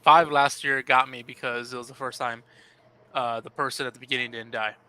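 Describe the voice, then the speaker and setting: Bright-voiced laid-back podcast man. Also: mid-range voice, steady tone, low-quality recording. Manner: laid-back, halting with fillers. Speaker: podcast co-host. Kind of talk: casual movie review chat.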